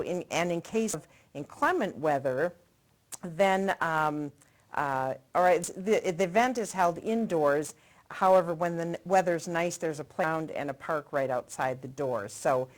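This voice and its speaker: A middle-aged woman hosting a local TV cooking segment, chatting in a friendly, promotional way while she tastes the food. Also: fairly low pitch. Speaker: TV show host. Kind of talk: casual cooking segment chat.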